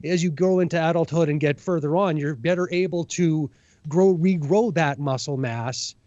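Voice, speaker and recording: A man talks through a casual podcast discussion with a slightly higher voice, tossing in "right?" and "you know" and playing out little scenes as he goes. The recording is dry and a bit muffled, as if the top end has been cut. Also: moderate pace, dark tone, dry recording. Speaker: podcast co-host.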